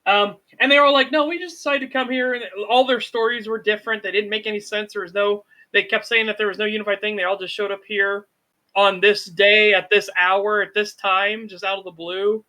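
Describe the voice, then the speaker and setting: A man co-hosting a casual podcast chat, talking bluntly and profanely with animated storytelling. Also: sits high, fairly quick. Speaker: podcast co-host.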